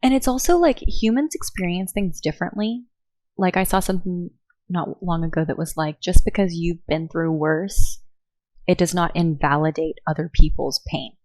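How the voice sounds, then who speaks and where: Chatty woman, low voice. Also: normal speed, a little mellow, dry recording. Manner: chatty storyteller, many "like" fillers. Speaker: podcast co-host. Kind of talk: casual chat.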